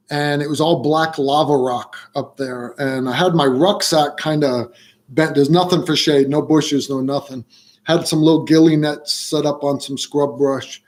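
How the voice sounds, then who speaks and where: A middle-aged man hosts a casual livestream and tells stories at an unhurried pace. His voice sits a little high for a man, and he fills pauses with plenty of ums and uhs. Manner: relaxed storytelling with frequent fillers. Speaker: livestream host answering viewer questions.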